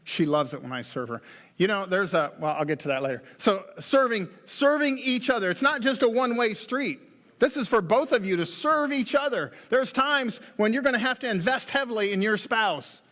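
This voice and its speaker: Male pastor, high voice, folksy preaching, long church reverb. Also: animated, normal speed, a bit bright. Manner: folksy, joking asides. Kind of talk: sermon. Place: church sanctuary.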